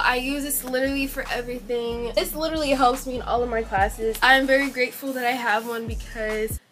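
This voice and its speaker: A young woman chatting casually to viewers as a vlogger, playful and talkative. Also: fairly high pitch. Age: young adult. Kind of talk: casual chat to camera.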